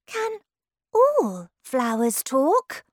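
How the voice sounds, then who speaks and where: A curious, polite young girl, as a woman reading a storybook puts her on. She sounds eager and wide-eyed, with a high voice that rises and falls a great deal. The recording is close and dry. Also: very animated, slow pace, a bit bright, no echo, heavily acted.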